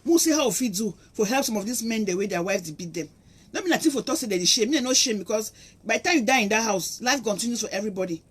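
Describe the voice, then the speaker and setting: A woman's voice: on the high side, expressive, fast, husky. A middle-aged woman speaking Nigerian Pidgin English, giving an impassioned, preachy monologue to her viewers. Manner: impassioned and preachy, acts out quotes. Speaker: vlogger. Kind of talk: monologue to camera.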